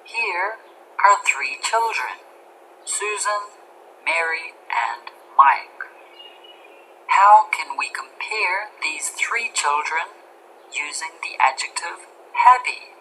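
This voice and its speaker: A woman reads a scripted grammar lesson in a low-set voice, slow and deliberate. She spells out letters one by one, and faint noise sits behind her. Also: lively intonation, pushed and bright, rough recording. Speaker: English grammar narrator.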